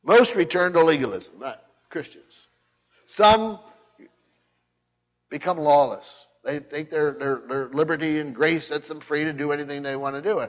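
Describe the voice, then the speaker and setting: An older pastor preaches an emphatic sermon, often repeating words and restarting sentences, captured in a muffled, low-fidelity recording.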